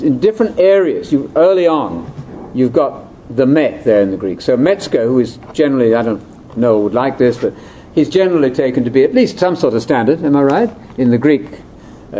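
Animated man explaining scripture. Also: a little hiss or hum. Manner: animated, explanatory, jumps between high and low pitch. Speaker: Bible teacher. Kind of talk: conversational Bible discussion.

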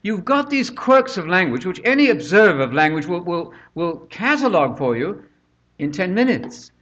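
Older man, sermon, conversational, rhetorical questions, higher-pitched, dull lo-fi sound. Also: very animated, moderate pace, a bit bright. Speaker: preacher. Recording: dull lo-fi recording.

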